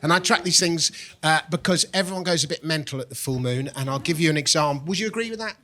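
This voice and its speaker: A man's voice: on the high side, fast talker, pushed and bright. A man doing a stand-up comedy set on a club stage, telling wry, rambling stories into a handheld mic.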